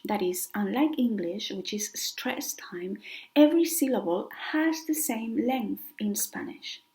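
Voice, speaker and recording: A woman's voice: fairly high pitch, darkish tone, rough recording. A woman teaching a beginner language lesson, carefully repeating example words to show how they sound. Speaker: Spanish teacher.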